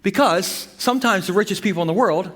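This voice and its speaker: A man preaching a sermon as pastor, animated and humorous, telling stories with bursts of emphasis. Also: sits high, quick pace. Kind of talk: sermon with storytelling. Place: church sanctuary. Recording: long hall reverb from the church.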